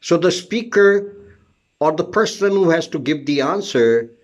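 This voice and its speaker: Slow, lively-pitched male English teacher. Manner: spells words out letter by letter, repeats key terms. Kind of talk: slow explanatory lesson.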